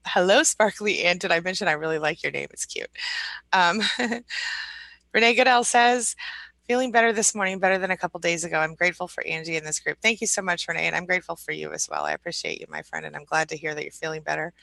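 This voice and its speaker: Upbeat gravelly woman hosting a live stream. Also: fairly low pitch, quick pace, no echo, low-quality recording. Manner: upbeat, warm greetings to viewers, light laughs. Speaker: host of a live support stream. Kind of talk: casual live-stream chat, reading comments.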